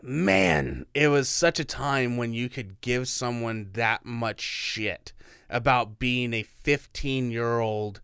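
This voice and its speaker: A man's voice: medium pitch, takes it slowly, gravelly, a bit bright, clear, resonant tone, dry recording, clean studio sound. A man co-hosting a podcast, chatting casually and jokingly about a movie. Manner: jokey, slips into silly voices. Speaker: podcast co-host.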